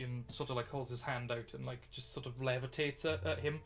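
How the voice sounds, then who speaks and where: A man's voice: medium pitch, fairly even intonation, brisk, a bit bright, soft background music. A British man narrating as dungeon master in a chatty, rambling way with many fillers. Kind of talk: narrating a tabletop game.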